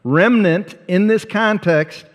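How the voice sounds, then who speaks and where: A male pastor preaching a sermon, emphatic, asking rhetorical questions and swinging from loud to soft. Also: high voice, slow pace, long reverb tail. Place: church sanctuary.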